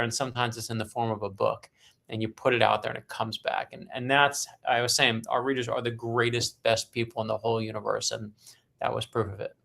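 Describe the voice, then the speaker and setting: A man in his fifties from Brooklyn, a guest author telling stories on a podcast and acting out the dialogue with lively energy. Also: medium pitch, gravelly. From Brooklyn, New York. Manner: animated storyteller acting out quoted dialogue. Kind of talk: storytelling in a podcast interview.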